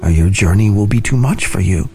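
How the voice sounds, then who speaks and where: A man voicing a gentle male angel who urges, in his own reading voice. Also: fairly low pitch, a little fast, faint music behind, natural voice. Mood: urging.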